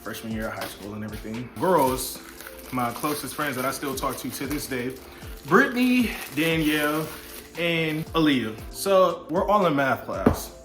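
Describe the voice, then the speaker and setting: A man's voice: a little high, animated, moderate pace. A young man vlogging a casual storytime while eating, talking loosely with slang, swearing and playful asides. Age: young adult. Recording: echoey room with music behind.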